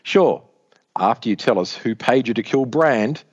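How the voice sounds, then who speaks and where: A man's voice: medium pitch, expressive, unhurried, voice pushed up. A man voicing a brash, cocky young male superhero who talks tough. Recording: dull lo-fi recording.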